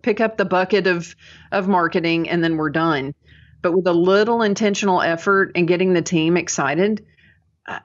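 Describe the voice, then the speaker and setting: A woman guesting on a podcast as a dental business coach, talking in an upbeat, chatty way with many fillers. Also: fairly low pitch. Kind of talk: casual podcast interview. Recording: dull lo-fi audio.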